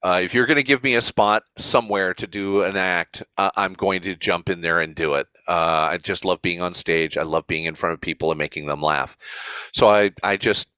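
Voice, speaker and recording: A man telling stories in a casual interview as a convention organizer, chatty and animated. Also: deep voice, moderate pace, clear, resonant tone, no echo.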